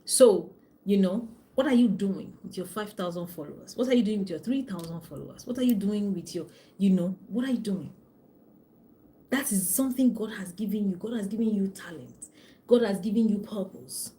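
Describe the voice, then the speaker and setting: A middle-aged Nigerian woman coaching in a chatty, animated live stream, reading out viewer comments. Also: medium pitch, normal speed. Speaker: life and business coach. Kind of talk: casual live-stream talk.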